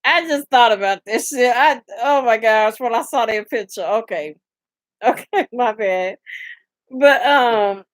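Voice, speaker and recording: A young woman hosting a casual live chat, animated and profane, laughing often and reading comments aloud. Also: a little high, measured pace, no room sound. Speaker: livestream host.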